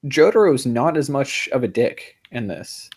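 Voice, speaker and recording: A young man chats loosely on a podcast, his middle-pitched voice stopping and starting as he hunts for words. He fills the gaps with frequent "um"s and tosses in a casual swear now and then. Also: animated, a little slow, darkish tone, husky. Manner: rambling, hesitant, many fillers and restarts. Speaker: podcast co-host. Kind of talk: casual chat.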